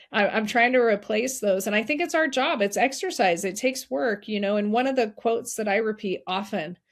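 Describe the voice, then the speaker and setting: Earnest middle-aged woman sharing hope. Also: mid-range voice. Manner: earnest, encouraging, repeats key phrases. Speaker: guest, suicide prevention advocate. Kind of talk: heartfelt conversational storytelling.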